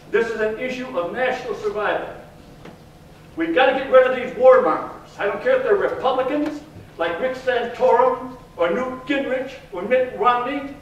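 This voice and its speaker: A man's voice: sits high, distant mic, highs cut off, slight background noise. Fiery older man in an echoey hall. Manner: fiery, emphatic stump speech. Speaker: congressional candidate. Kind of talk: campaign speech at a public forum. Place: public forum hall.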